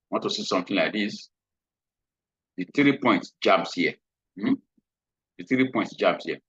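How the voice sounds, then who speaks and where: A man's voice: low-pitched, pushed and bright, breathy edge, no echo. A man giving a screen-share trading lesson, repeating his points and often checking in with "hmm?". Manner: repetitive, checks in with frequent "hmm?". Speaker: trading instructor. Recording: dull lo-fi recording.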